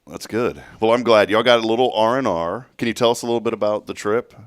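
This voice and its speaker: Homem de voz grave, conversa descontraída, com sotaque do sul dos Estados Unidos. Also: male voice, fairly low pitch, fast, clear, resonant tone, no echo, clean studio sound. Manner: joking, rambling with restarts. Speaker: morning show host. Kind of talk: casual chat.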